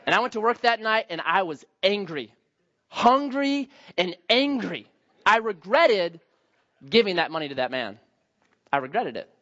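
Animated male pastor telling a story. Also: normal speed, lo-fi sound. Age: 40s. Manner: animated, acts out his younger self with high excited outbursts. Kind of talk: sermon storytelling.

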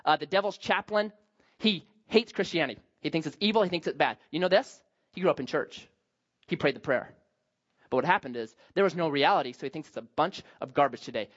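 A male pastor preaches with animated swings, rising to loud emphasis, then dropping to quiet, low asides. His pitch moves widely, and the recording sounds dull and lo-fi. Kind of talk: sermon.

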